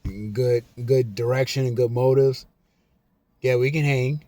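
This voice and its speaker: A man vlogger giving a casual, emphatic monologue to camera, slowing down and repeating his key lines. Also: medium pitch, fairly even intonation, mellow, no room sound. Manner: slow, repetitive, emphatic.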